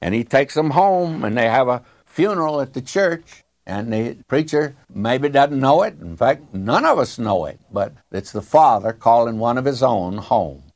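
A male radio Bible teacher with a folksy, storytelling delivery that drifts into side remarks. His pitch sits in a middling range. The sound is dry and close-miked. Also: animated, moderate pace, hardly any pauses, darkish tone, dry recording.

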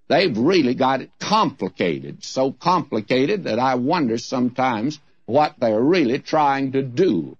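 A man's voice: mid-range voice, no echo. A man preaching in a folksy, storytelling way, teaching from the Bible with emphatic points. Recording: dry, slightly dull lo-fi recording.

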